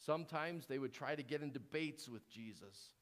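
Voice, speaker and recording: A male pastor giving a sermon in a conversational style, with fillers and restarts, dropping low and quiet to stress key words. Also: moderate pace.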